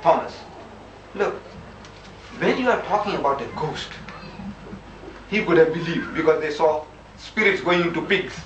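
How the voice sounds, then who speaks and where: A man's voice: on the high side, moderate pace, pauses often, highs cut off. A man in a heated debate, telling stories animatedly, exclaiming and acting out what people said. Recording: echoey room, distant mic, faint hiss.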